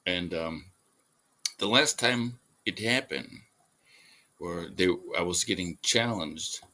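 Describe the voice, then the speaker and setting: A man's voice: low voice, slow pace, sharp tone. A man hosting a livestream as an artist, telling stories in a rambling casual monologue with fillers and chuckles.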